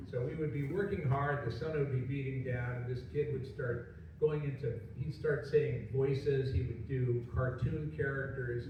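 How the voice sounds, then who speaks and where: A man's voice: medium pitch, highs cut off. An older man from rural Illinois telling a rambling, wry anecdote on a festival panel, hesitant with many fillers. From rural Illinois, USA. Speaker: panel guest. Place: large convention hall panel room. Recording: echoey hall, distant mic, background noise.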